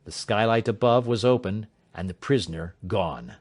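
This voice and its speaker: A man giving a measured, dramatic audiobook narration. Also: on the low side, darkish tone, slightly rough. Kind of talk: scripted narration.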